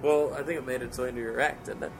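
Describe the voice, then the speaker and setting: 毒舌でからかう男性ゲスト. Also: male voice, mid-range voice, fairly even intonation, rapid-fire, gravelly, over music. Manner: teasing, profane, sarcastic roasting. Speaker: podcast guest comedian. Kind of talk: casual comedy podcast banter.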